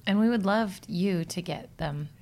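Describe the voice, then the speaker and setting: A woman with a lowish voice co-hosts a casual podcast chat. She talks in a relaxed, reflective way and muses aloud with fillers. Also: measured pace. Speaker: podcast co-host.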